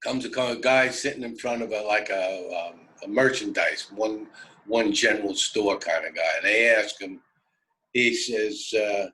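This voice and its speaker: Bright-voiced man telling road stories. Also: fairly low pitch, a little slow, low-quality recording. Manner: animated, self-interrupting, laughs often. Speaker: radio storyteller. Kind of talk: casual storytelling.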